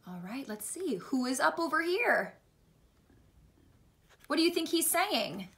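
Lively high-voiced woman reading to kids. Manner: slow, animated, sing-song read-aloud voice with hesitant fillers. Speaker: teacher reading picture books aloud. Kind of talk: guided reading lesson for young children.

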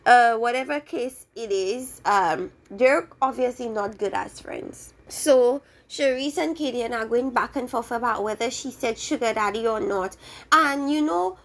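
A young woman talks straight to her viewers in a casual, opinionated rant, easily exasperated. Her voice sits a little higher than most women's. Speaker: reality TV reviewer.

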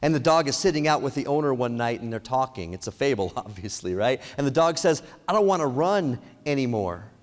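Brief: male speaker, mid-pitched, energetic motivational talk full of questions to the crowd, long hall reverb. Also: fast, hardly any pauses. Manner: energetic, asks the audience many questions. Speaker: speaker at an ethics event. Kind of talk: motivational speech.

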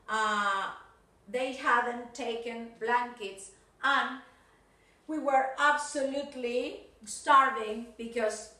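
A woman leads an English lesson at an unhurried pace. Her voice is bright and a little high. She is recorded from a distance in a strongly echoing room. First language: Spanish. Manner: slow and deliberate, checking with frequent "yes? okay?". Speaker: English teacher. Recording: roomy echo, voice from off the mic.

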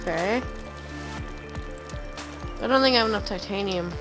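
A woman's voice: medium pitch, moderate pace. A young adult woman streaming a game, muttering her plans to herself as she plays. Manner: mutters to herself while playing. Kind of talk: casual gameplay commentary. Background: game music.

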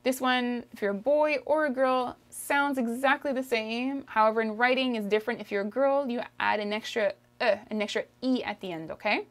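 A woman with a Canadian French accent teaching a French lesson, drawing out phrases slowly for the listener to repeat and checking in with "okay?". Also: a little high. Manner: slow, drawn-out pronunciation drills, frequent "okay?" checks. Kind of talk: language lesson, modelling phrases for repetition.

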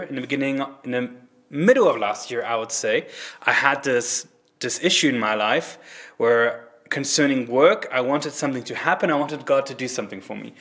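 A man's voice: medium pitch, fairly bright tone. A man, a native German speaker, giving an earnest, conversational sermon at a church service, often restarting phrases and acting out prayers. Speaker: preacher.

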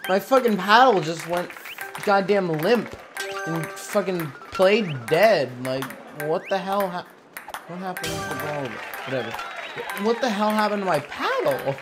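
A gamer giving casual, profanity-heavy commentary while playing, muttering to themself and breaking into loud frustrated outbursts. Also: mid-range voice, animated, a little slow, music in the background, a crowd in the background. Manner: swears a lot, mutters to self between loud frustrated outbursts. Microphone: gaming mic.

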